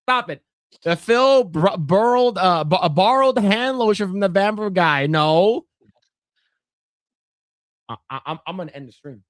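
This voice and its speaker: A man's voice: high voice, expressive, measured pace, pauses often, no echo. Man streaming, rambling and swearing, stammering restarts, dry close mic. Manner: rambling, profane storytelling with many restarts. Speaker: podcast co-host. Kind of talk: casual livestream chat.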